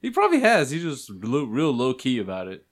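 Loud, animated young man in crude chat. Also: mid-range voice, brisk. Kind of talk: casual profane chat.

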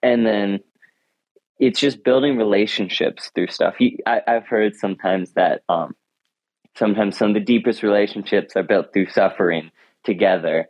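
Teen male interviewee, thoughtful and sincere, lowish voice, muffled lo-fi sound. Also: normal speed, darkish tone, dry recording. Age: teens. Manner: earnest, reflective, with many restarts. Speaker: high school runner, interview guest. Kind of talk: interview answers. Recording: dull lo-fi sound.

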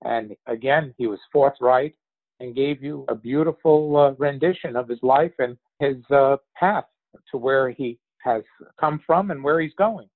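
An older man with a mid-range voice sums up an interview in measured, complimentary words, pausing often. He sounds dry and tinny, like a phone call. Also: medium pitch, no room sound. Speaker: host's father commenting.

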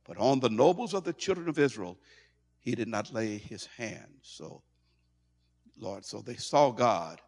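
A male pastor preaching a sermon in an animated way, stumbling over and repeating words as he goes. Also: medium pitch. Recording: long hall reverb.

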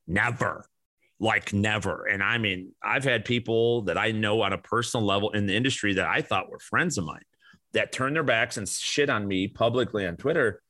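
A forceful man in his forties rants as a podcast host, blunt and heavy with swearing. His voice sits low yet comes out pushed and bright. The mic is close and dry, with no room sound. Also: normal speed, no echo. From American Midwest. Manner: blunt, profane and fired up. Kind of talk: ranting monologue.

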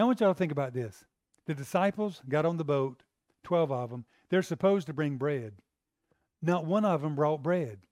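A man preaching a sermon in a conversational way, acting out quotes and building to loud emphasis. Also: on the high side, dry recording, studio quality. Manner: conversational, acts out voices, rising to loud emphasis.

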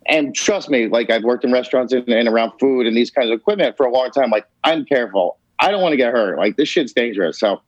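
A man's voice: mid-range voice, expressive, fast, few pauses, no echo. A man telling a rambling, emphatic personal story on a podcast, swearing freely. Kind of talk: casual storytelling. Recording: dull, lo-fi podcast audio.

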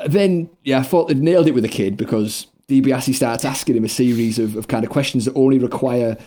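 A man's voice: medium pitch, expressive, moderate pace, mellow. A man co-hosting a casual podcast, recapping wrestling with wry sarcasm and frequent laughter. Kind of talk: casual comedic recap chat.

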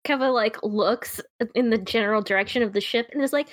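A woman's voice: on the high side, fairly quick, few pauses, no room sound, studio quality. A woman playing a tabletop game, chatty and hesitant, full of "like". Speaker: player.

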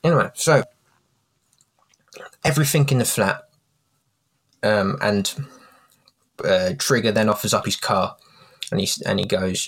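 A young man talks casually on a podcast in a lowish voice. He walks through scenes from a show and acts out the characters' lines as he goes. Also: a little slow, pauses often, slightly rough. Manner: retells scenes, quoting the lines. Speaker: podcast co-host. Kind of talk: casual chat.

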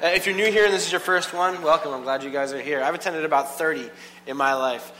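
A man preaching a casual, animated sermon, full of "like" and quick asides to the congregation. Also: a little high. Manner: animated, filler-heavy with frequent "like". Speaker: pastor. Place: church hall. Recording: long hall reverb, faint hum.

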